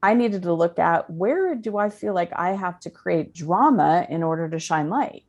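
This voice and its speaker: A woman's voice: on the low side, expressive, moderate pace, darkish tone. A woman speaking as a life coach guest on a podcast, earnest and conversational, with many fillers. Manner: earnest, talks in spiritual self-help terms with many fillers.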